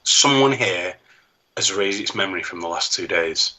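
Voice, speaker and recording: A man's voice: low-pitched, expressive, moderate pace, pushed and bright, full character voice, poor audio. A man reading a curt chauffeur. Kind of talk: live script table read.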